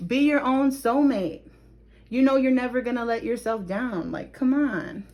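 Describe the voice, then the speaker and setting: A woman's voice: on the high side, measured pace, darkish tone. A young woman giving a casual tarot reading to camera, chatty and laughing often, often checking in with "okay?". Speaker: tarot reader.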